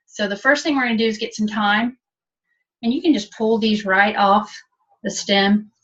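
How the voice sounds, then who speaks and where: Heard over distant, dull webinar audio, a woman teaches cooking step by step in a kitchen, chatty and practical. Her voice is mid-range and fairly bright, at a moderate pace.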